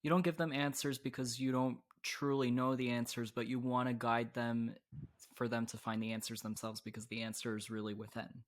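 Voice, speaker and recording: Flat-voiced young man, halting and open. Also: medium pitch. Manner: hesitant, halting with restarts when speaking personally. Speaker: podcast host. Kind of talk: casual conversation.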